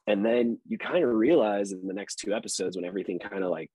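A man's voice: on the low side, fast talker, dark tone, breathy edge, no echo, low-quality recording. A man, an actor guest on a podcast, talking in a loose, rambling way with fillers and laughs. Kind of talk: casual interview chat.

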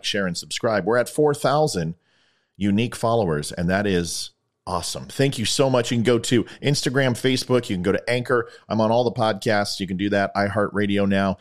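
A man hosting his own podcast, rambling through a comic story and plugs with self-mocking jokes. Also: fairly low pitch. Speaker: podcast host. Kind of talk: casual comedic monologue.

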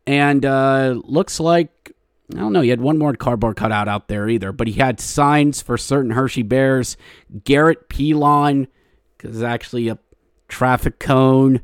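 A man hosting a podcast, giving a casual, jokey hockey recap that turns into excitable play-by-play. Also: medium pitch, clear, resonant tone, no room sound, studio quality. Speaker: podcast host.

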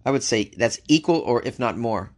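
Guy riffing on the news, jokey and wry, mid-pitched voice. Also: lively intonation, moderate pace, darkish tone. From United States. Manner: wry, joking, talks back to the news he reads. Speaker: news show host. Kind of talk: casual news commentary.

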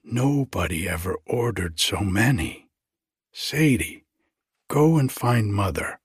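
A man's voice: lowish voice, expressive, slow, slightly rough, no echo, clean studio sound, exaggerated voice. A man reading aloud, voicing an eager, sensitive young woman in a story with a breathless, pleading manner.

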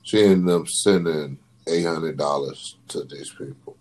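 A man's voice: a bass voice, measured pace, a little mellow. A man in casual chat, talking in a laid-back, emphatic way.

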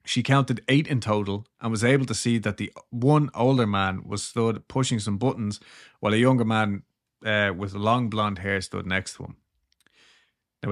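A man co-hosting a podcast, casually retelling a story with jokes and laughter. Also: on the low side. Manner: joking, laid-back, trails into laughs. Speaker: podcast co-host.

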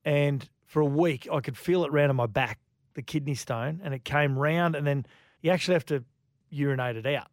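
An Australian man co-hosts sports radio and spins stories in loose, casual banter. His voice sits a little high for a man and sounds dry, close to the studio mic. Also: normal speed, no echo. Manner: storytelling, laughs easily.

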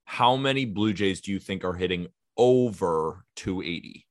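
A male podcast co-host with a somewhat low voice. He talks in a steady, analytical way and reels off numbers. The sound is dry and close. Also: no echo. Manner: measured, analytical, rattles off numbers. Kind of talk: casual sports podcast chat.

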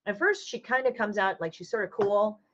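A woman comic artist in casual podcast chat, talking bluntly and swearing freely as she retells a falling-out with lively energy. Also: medium pitch, fairly quick. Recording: dull lo-fi audio.

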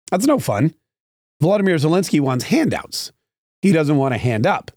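Male commentator host, slightly higher voice, dry close mic, forceful and repetitive. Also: sing-song, moderate pace, dry recording. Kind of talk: opinionated political monologue.

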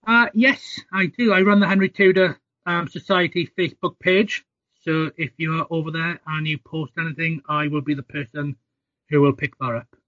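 A man guest on a podcast, an author talking in a relaxed, self-deprecating way. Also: on the high side, moderate pace, no room sound. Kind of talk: podcast interview. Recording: slightly dull audio.

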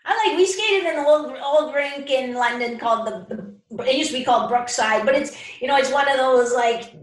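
A woman guest in a casual interview, an animated storyteller who laughs often. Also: sits high, normal speed. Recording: roomy echo.

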